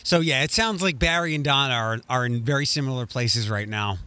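Halting man in casual podcast chat. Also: mid-range voice, pushed and bright, smooth. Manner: rambling, halting restarts. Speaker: podcast co-host.

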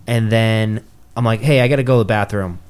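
A young man from New telling a story in casual chat, swearing freely and acting out quotes in a higher, louder voice. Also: a little fast, clear, resonant tone. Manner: swears freely, acts out quotes with rising pitch.

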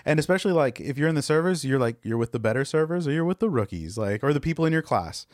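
A man chatting casually on a podcast, telling restaurant stories fast and acting out the people he quotes in a raised voice. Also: fairly high pitch, expressive, darkish tone, no room sound, clean studio sound. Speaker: podcast guest, former restaurant server. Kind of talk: casual podcast chat, storytelling.

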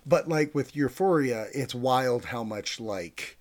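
A young man chatting casually about films and TV, rambling and excitable, with swearing, fillers, loud bursts and mumbled asides. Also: medium pitch, slow pace. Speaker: pop-culture reviewer. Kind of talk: casual chat.

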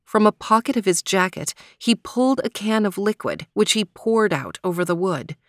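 A woman narrating a children's mystery story in a steady storytelling manner. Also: medium pitch, moderate pace, no room sound, studio quality.

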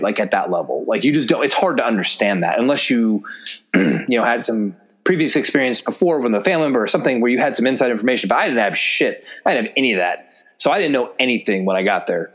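A man in casual conversation, recounting his years as a special agent. He rambles comfortably, stacks up fillers and throws in the odd curse, with a mid-range voice that moves freely. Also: on the low side. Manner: loose and chatty, many fillers and frequent swearing. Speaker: podcast guest, former special agent. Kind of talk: casual storytelling.

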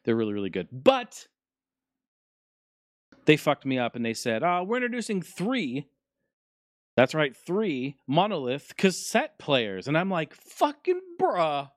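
A man's voice: a little high, big pitch swings, measured pace, long pauses, dry recording, clean studio sound. A man hosting a casual solo podcast, ranting animatedly and swearing often. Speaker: podcast host.

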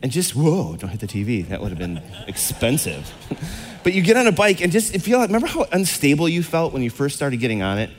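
In a big-sounding church hall, a middle-aged male pastor delivers an informal, interactive sermon in a brisk, sing-song voice that sits on the high side. He rambles along with plenty of fillers and false starts, often stopping to ask the crowd questions.

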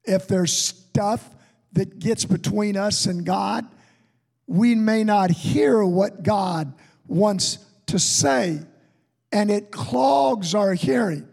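A high-pitched man preaching from the pulpit, his words unhurried and drawn out. His voice is husky and gravelly, carrying a long echo through the church hall. He moves between folksy storytelling and fervent exhortation. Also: a little mellow. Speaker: pastor. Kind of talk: sermon with storytelling. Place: church sanctuary.

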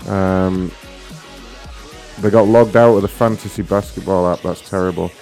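A low-voiced man co-hosting a comedy podcast in relaxed, joking banter. He swears casually and keeps an easy, offhand delivery. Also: normal speed, gravelly, soft background music. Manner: laid-back, joking, swearing. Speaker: podcast co-host.

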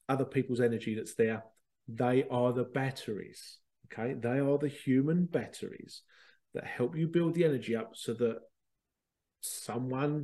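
Man, podcast host, casual storytelling, warm mellow tone, animated and chatty. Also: medium pitch. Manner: animated, chatty, laughs and swears while telling stories. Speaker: spiritual medium and podcast host.

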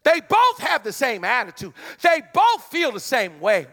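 A male preacher delivering a sermon, conversational and emphatic, hollering at peaks and dropping into quick asides. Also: very high voice, wildly swooping pitch, a bit bright.

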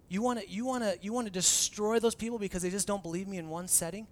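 A young adult man preaching a sermon as pastor in a conversational, animated way, acting out the dialogue he quotes. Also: sits high, fast talker, hardly any pauses.

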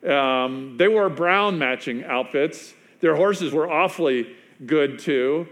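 A man, a pastor preaching a sermon in a loose, conversational storytelling way, full of fillers and restarts, often dropping to a hushed voice to drive a point home. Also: fairly high pitch, slow. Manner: drops to a hushed, quieter voice for emphasis.

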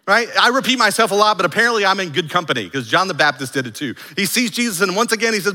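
A male pastor preaching a sermon, animated, acting out the lines he quotes. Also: sits high, very fast, hardly any pauses, big-room sound.

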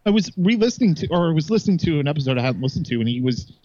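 A man guesting on a podcast, talking casually and haltingly with lots of fillers. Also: a little high, sing-song, a little mellow, no room sound. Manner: hesitant, halting with many fillers. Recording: dry, dull lo-fi mic.

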